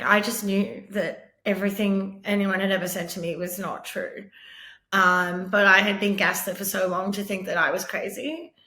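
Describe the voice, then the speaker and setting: A woman's voice: medium pitch, fairly bright tone, roomy sound. A woman in her thirties with an Australian accent, candidly telling her own patient story in a conversational way and acting out what others said to her. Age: 30s. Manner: candid, conversational, acts out quoted dialogue, laughs wryly. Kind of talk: personal storytelling interview.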